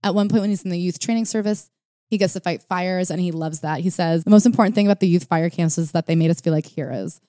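A woman's voice: fairly low pitch, fast talker, dark tone, dry recording, studio quality. A woman co-hosting a casual podcast chat about a book, retelling stories and reading out quotes with energy. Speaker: podcast co-host.

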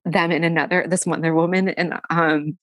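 Young woman guest, low-ish voice, dry close sound, talks in halting emotional bursts. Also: fairly even intonation, no echo. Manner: halting, emotional, often quoting herself; frequent fillers and restarts. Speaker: guest sharing a personal story. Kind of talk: candid conversational storytelling.

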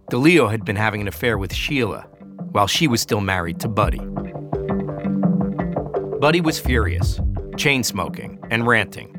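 Lively low-voiced male narrator over music. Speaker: documentary narrator. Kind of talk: scripted narration. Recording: music bed under the voice.

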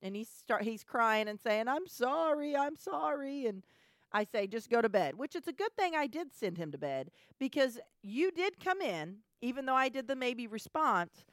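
A woman telling a family story in casual chat, animated, with stammering restarts. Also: on the high side, normal speed, no room sound, clean studio sound. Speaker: podcast co-host, mother.

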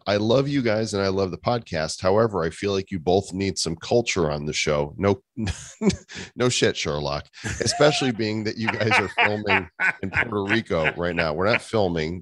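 A man's voice: low-pitched, no echo. A man co-hosting a podcast in casual chat, reading listener reviews aloud with dry, chuckling humor. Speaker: podcast co-host. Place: living in Puerto Rico.

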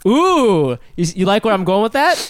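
A man's voice: high-pitched, big pitch swings, moderate pace, very noisy. A man co-hosting a comedy podcast, chatting casually and hamming up goofy introductions. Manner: goofy, playful, hammy introductions. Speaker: podcast co-host. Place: New York.

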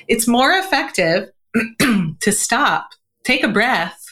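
A woman talking as a guest on a podcast interview, animated and laughing often, with lots of "um" and "you know". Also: mid-range voice, takes it slowly. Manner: animated, acts out quoted voices, laughs often; frequent fillers like "um" and "you know". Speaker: guest, communication coach.

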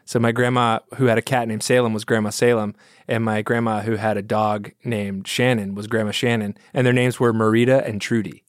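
A man's voice: fairly low pitch, little pitch movement, fairly quick, no echo, studio quality. A man talking as a guest on a podcast, telling anecdotes in an easygoing way. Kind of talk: casual podcast chat.

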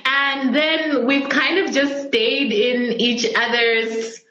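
A woman from Zambia hosting a podcast, chatting casually and excitedly with a guest on a video call, laughing often. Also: high-pitched, slow pace. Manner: gushing, animated, laughs often. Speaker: podcast host. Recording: echoey room, dull lo-fi sound.

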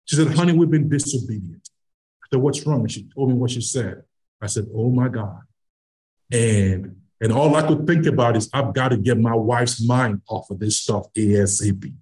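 A middle-aged man from Nigeria tells a long personal story as a podcast guest. His voice sits in an everyday middle pitch, and he acts out the lines he quotes from other people as he tells it. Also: normal speed. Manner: animated storyteller who acts out quoted dialogue. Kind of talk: storytelling anecdote.

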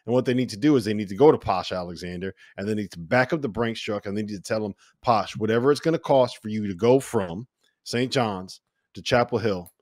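Man, low voice, dry sound, emphatic sports host. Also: no echo. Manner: emphatic, imaginative storytelling. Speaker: podcast host. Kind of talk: casual sports banter.

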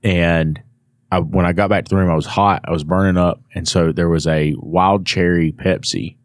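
A man with a very low voice tells a story on a podcast, animated and acting out the people he quotes. The sound is dry and close. He is middle-aged. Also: normal speed, no room sound. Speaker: podcast guest. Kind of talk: casual storytelling.

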